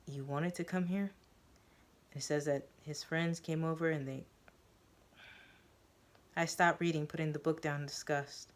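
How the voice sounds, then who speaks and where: A woman narrating a first-person story in a measured, dramatic reading. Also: deep voice.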